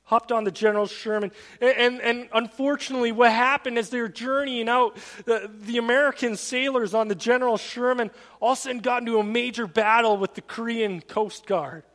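A man's voice: extremely high pitch, steady tone, fairly quick, few pauses, fairly bright tone. A pastor, a man, preaching a sermon in a conversational, earnest storytelling manner in a church sanctuary. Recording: long reverb of a large hall.

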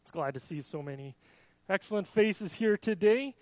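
A man's voice: sits high, animated, normal speed, darkish tone, dry recording. A male pastor leading a baby dedication in a casual, chatty way with frequent restarts. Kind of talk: church service announcements and baby dedication.

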